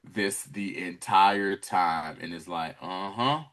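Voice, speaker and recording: A man hosts a casual chat, recapping a TV episode. He speaks animatedly, and his pitch moves a lot as he acts out scenes. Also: big pitch swings, unhurried, fairly bright tone. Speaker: podcast host.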